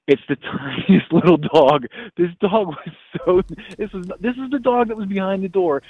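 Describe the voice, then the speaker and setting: A man casually telling a long, profane story with animated laughter, as a podcast host. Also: high voice, moderate pace, no room sound. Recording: tinny phone-like sound, dry.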